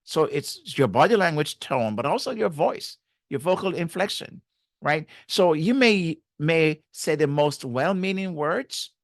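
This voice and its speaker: A man's voice: fairly high pitch, animated, a little slow, no echo, studio quality. Earnest man giving faith-based marriage advice. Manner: earnest, repeats key phrases, many fillers.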